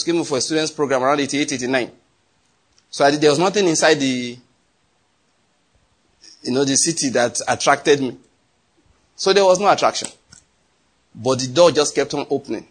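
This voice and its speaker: A man preaching a sermon, telling stories, asking the audience questions and laughing often. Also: medium pitch. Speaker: pastor.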